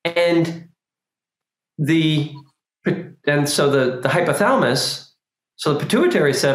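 Animated man teaching in an echoey room. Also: on the high side, takes it slowly, pauses often. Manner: animated, acts out little quoted scenes. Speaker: spiritual teacher. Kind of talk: informal teaching talk. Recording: roomy echo.

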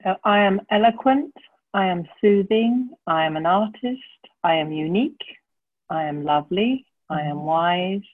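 A woman on a video call reading a flowing list of gentle affirmations about herself. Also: fairly low pitch, animated, measured pace, no echo, phone-quality sound. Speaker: group participant.

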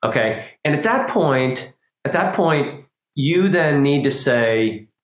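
A man giving an informal spiritual talk, animated and acting out small quoted scenes as he explains. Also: a little high, slow. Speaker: spiritual teacher. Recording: roomy echo.

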